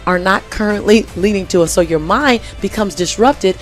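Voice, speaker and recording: A woman's voice: medium pitch, normal speed, faint music behind. A woman chatting as an interview guest, earnest and fond of repeating her key phrases. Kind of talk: casual conversation.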